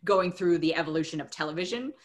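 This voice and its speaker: A woman's voice: fairly low pitch, fast talker. A woman hosting a podcast, chatting casually and giving opinionated takes. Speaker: podcast host. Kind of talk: casual chat.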